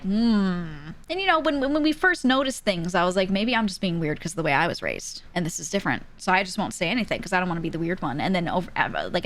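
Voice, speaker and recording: A woman's voice: mid-range voice, a bit bright. A woman streamer telling a story casually, laughing often between lines, candid and swearing freely.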